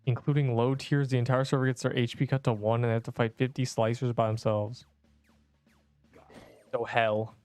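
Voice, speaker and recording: A man's voice: medium pitch, level tone, moderate pace, darkish tone, smooth, dry recording, soft background music. A man rambling casually through gameplay commentary on a livestream, slangy and loose, tossing in "bro" and casual swearing. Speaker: streamer.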